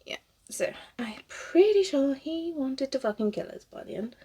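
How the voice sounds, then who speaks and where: Her voice sits high, warm and very animated at a normal speed. This British cosplayer in her thirties is casually chatting while styling a wig, rambling, swearing freely and laughing often.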